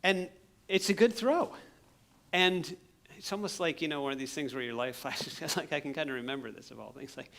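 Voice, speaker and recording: A man, a missionary, telling an animated story from a church stage and acting out his own shouts. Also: fairly high pitch, fairly quick, gravelly. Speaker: missionary speaker. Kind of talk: sermon storytelling. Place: church sanctuary.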